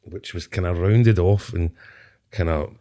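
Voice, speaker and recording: A man's voice: deep voice, fairly even intonation, unhurried, dark tone. A Scottish man telling a long comic story as a podcast guest, rambling, swearing and laughing through his asides. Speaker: guest comedian. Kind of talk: casual storytelling.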